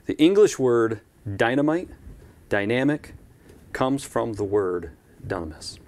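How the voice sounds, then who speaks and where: A man's voice: medium pitch, very animated, unhurried, darkish tone, a little hiss or hum. A man preaching a live-streamed church sermon in a conversational way, with asides and repeated phrases.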